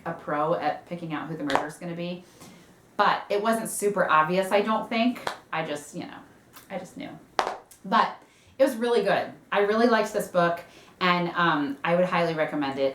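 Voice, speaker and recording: A woman's voice: fairly low pitch, fairly bright tone, reverberant. A woman chatting casually about books she read, rambling with fillers and restarts. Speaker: book vlogger. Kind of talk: casual chat.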